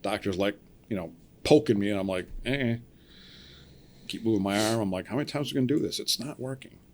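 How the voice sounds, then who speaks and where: A man with a fairly low voice tells his story in a relaxed, conversational way. He is middle-aged and animated, and he acts out each person's lines as he goes. He laughs at his own punchlines. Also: fast talker, slight background noise. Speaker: podcast guest, cable splicer. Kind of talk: casual storytelling.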